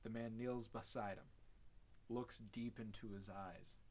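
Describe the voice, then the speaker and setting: A man in casual podcast chat, retelling a TV episode with lively swearing. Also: lowish voice, measured pace. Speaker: podcast host.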